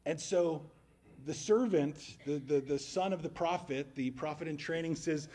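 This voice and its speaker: A man delivering a sermon in a relaxed, chatty way, with frequent asides as he retells a story. His voice sits a little high and has a husky edge. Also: a little slow. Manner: conversational storytelling with casual asides. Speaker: preacher.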